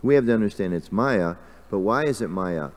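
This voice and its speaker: This class speaker in a temple hall has a voice on the low side and sounds animated, talking a little fast. His casual scripture class is conversational, full of fillers and questions directed at the listeners.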